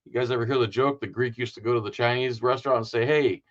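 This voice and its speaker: A man's voice: mid-range voice, steady tone, rapid-fire, muffled recording. A man hosting a live stream, rambling and cracking jokes as he signs off. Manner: rambling and joking, many fillers. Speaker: livestream host. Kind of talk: casual live-stream sign-off.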